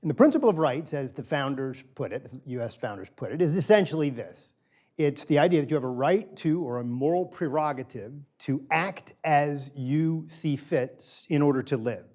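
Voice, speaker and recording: A man's voice: fairly high pitch, lively intonation, normal speed, darkish tone. A middle-aged man lecturing a small group in a room. His talk is loose and conversational, and he repeats key phrases to drive them home. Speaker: guest lecturer. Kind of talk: informal philosophy lecture. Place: small room with a live audience.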